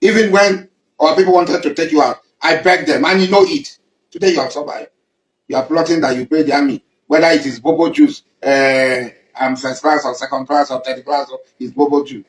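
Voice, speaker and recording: A man's voice: fairly high pitch, steady tone, a little fast, echoey room, poor audio. A Nigerian man giving an emphatic public statement, accusing and repeating himself for weight. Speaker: community leader.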